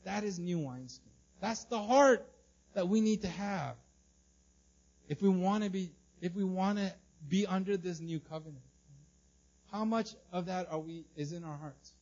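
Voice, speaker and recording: A male pastor preaching an animated sermon, acting out the people in the story and often repeating and restarting his words. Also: high-pitched, moderate pace, muffled recording.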